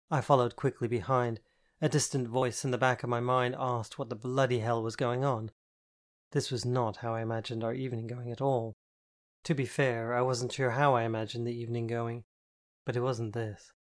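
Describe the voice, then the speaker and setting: Male audiobook narrator, measured delivery. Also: medium pitch. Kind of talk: scripted first-person novel narration.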